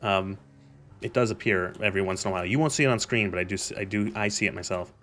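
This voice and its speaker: A man's voice: lowish voice, fast, a bit bright, slight background noise. A man streaming a game, ranting casually with lots of swearing and fillers. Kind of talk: casual gameplay commentary and rant.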